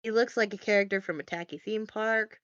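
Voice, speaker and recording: A woman podcast host walks her friends through a movie plot in a loose, rambling way, with plenty of fillers and wry asides. Her voice is smooth and clear. The recording is dry and slightly dull, like a lo-fi home podcast mic. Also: medium pitch, fairly even intonation, fairly quick, fairly bright tone, dry recording. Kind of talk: casual movie recap.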